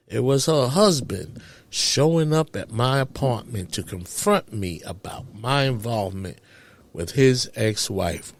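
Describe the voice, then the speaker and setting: A man hosting a podcast, telling a personal story in a dramatic, animated way. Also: a little slow. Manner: dramatic, animated retelling with big pitch jumps. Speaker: podcast host. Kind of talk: storytelling monologue.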